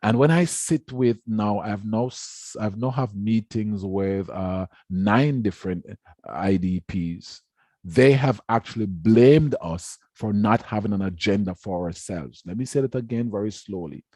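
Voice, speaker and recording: A man's voice: lowish voice, measured pace, a little mellow, no echo. A man giving a formal lecture on education, speaking emphatically and repeating words to stress his points. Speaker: education researcher giving a talk.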